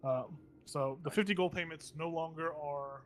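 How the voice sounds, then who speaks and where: A man's voice: fairly high pitch, steady tone, normal speed. A man running a tabletop game as game master, talking in a loose, teasing way with lots of fillers.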